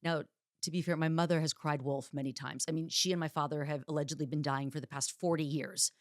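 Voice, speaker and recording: A woman hosting a solo podcast, telling personal stories in a candid, chatty way with dark jokes. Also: sits low, steady tone, fast, dry recording, studio quality. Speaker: podcast host. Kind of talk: solo podcast monologue, casual storytelling.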